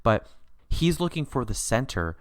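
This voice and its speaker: A man co-hosting a podcast, chatting about a TV miniseries in an animated way, laughing often with sudden upward jumps in pitch. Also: moderate pace, no room sound, clean studio sound. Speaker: podcast co-host. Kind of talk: casual chat recapping a TV miniseries.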